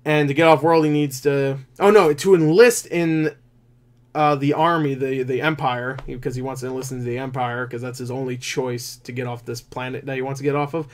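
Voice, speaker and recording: A man reviewing a movie in casual, rambling talk, full of fillers and offhand swearing, with sudden jumps in loudness. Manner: excitable, quick shifts in loudness and pitch.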